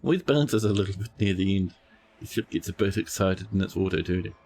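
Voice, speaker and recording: A man's voice: sits low, brisk, a little mellow, slightly rough. A man streaming a space game live, giving playful, chatty commentary and joking with the characters.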